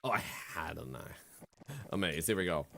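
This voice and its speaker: Streamer, male, excitable game commentary, bright voice, on a streaming mic. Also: very deep voice, a little fast, creaky, a little hiss or hum. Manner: excitable, swearing, jokey running commentary.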